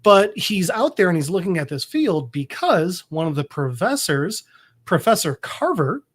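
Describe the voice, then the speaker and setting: Podcast co-host, mid-pitch, casual recap, loose and rambling with fillers, slips into character voices for quotes. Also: sing-song, normal speed, slightly rough. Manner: rambling storytelling with many fillers.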